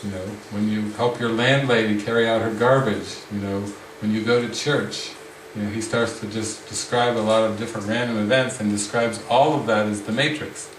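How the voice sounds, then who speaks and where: A man leading a spiritual retreat discussion, speaking slowly and reflectively with frequent restarts. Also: lowish voice, steady tone, a little hiss or hum. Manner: slow, reflective, many restarts. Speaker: spiritual teacher. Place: retreat room with a group. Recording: roomy sound from the mic's distance.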